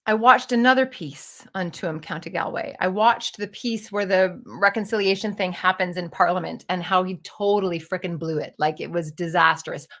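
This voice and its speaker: A woman's voice: fairly low pitch, moderate pace, few pauses, fairly bright tone. Candid fifty-something woman telling stories. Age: 50s. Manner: candid, digressive, swears casually. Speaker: storyteller and playwright. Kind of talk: personal storytelling monologue.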